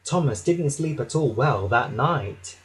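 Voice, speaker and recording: Slow, lively male storyteller. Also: mid-range voice, slightly rough. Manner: expressive, dramatic reading. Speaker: narrator. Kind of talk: storybook reading for children.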